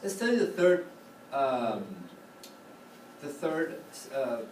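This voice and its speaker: A man's voice: fairly high pitch, sing-song, takes it slowly. A man teaching a choral conducting class, explaining patiently and singing short phrases to demonstrate. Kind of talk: classroom instruction. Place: rehearsal room with a choir. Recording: echoey, distant, noisy room recording.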